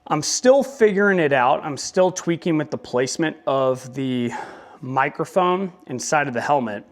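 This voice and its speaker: Casual young guy vlogging about bike gear, rambles and cracks jokes, voice a bit high. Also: animated, normal speed. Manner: rambling, joking asides. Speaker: motovlogger. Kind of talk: casual vlog talk.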